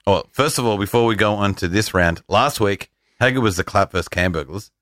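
An Australian man hosts a laid-back footy podcast and rattles through fans' tweets with cheeky asides. His voice sits a little low. The room is dry, with no echo. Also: fairly bright tone. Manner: jokey, reads out tweets, quick asides. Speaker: podcast host and rugby league referee. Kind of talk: casual sports podcast chat.

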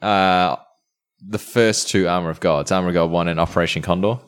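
Low-voiced joking podcast host man. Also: steady tone, a little fast, smooth. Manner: jokey, playfully crude banter. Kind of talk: casual podcast chat.

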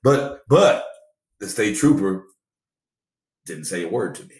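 A middle-aged man in casual chat, laid-back and storytelling, acting out quotes in animated voices. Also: low-pitched, a little slow, far from the mic. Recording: echoey room.

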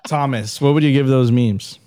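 A man's voice: mid-range voice, normal speed. Laid-back man with faint hiss. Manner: laid-back, swears casually, says bro. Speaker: co-host. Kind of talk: casual podcast chat.

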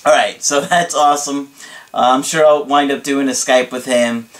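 A man who coaches on dating, talking casually to the camera in an animated way, laughing often and checking in with his listeners. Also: medium pitch, moderate pace.

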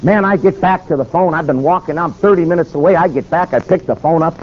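A man preaching through a story, dramatic and acting out each exchange with sudden shifts of voice. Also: fairly high pitch. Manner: dramatic, acts out dialogue with quick voice shifts. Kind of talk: animated sermon storytelling. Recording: dull, slightly lo-fi with faint noise.

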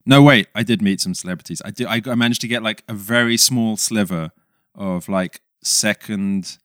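A young man talks casually as a podcast guest, poking fun at himself and laughing easily. His voice sits low with a smooth, clean resonance. The sound is dry and close, with no room around it. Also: moderate pace, fairly bright tone, dry recording. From England. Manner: self-deprecating, laughs often. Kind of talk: casual chat.

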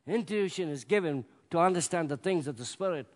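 A man preaching a sermon with emphatic delivery that swells to loud peaks. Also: fairly high pitch, animated, brisk. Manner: emphatic, rising to loud peaks, acts out scripture voices. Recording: long hall reverb.

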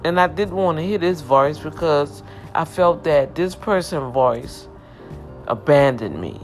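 A woman's voice: low voice, expressive, unhurried, a little mellow, faint music behind. A woman sharing an emotional personal testimony, with impassioned, emphatic, repetitive storytelling.

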